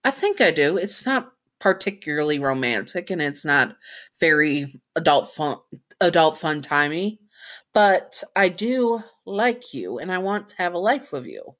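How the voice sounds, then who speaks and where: Woman doing a polite teen boy, kinda hesitant, deep-ish voice, says darling a lot. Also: very animated, measured pace, fairly bright tone, full character voice. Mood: reserved. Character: teenage boy, polite and reserved, possessive. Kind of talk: role-play storytelling.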